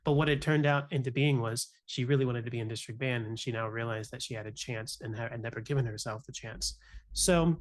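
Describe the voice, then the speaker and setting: Earnest young man, reflective podcast talk. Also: medium pitch. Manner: earnest, reflective, peppers speech with "you know" and "right?". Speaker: music teacher and podcast co-host. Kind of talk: candid podcast conversation.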